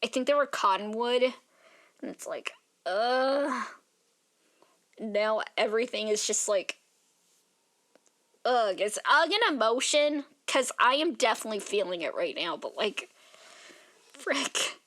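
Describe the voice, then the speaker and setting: A woman's voice: a little high, expressive, takes it slowly, long pauses, a bit bright. A tired young woman chatting casually in a vlog, rambling and filling her talk with "like" as she yawns. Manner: rambling, filler-heavy, says "like" constantly. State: tired, yawning. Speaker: art vlogger.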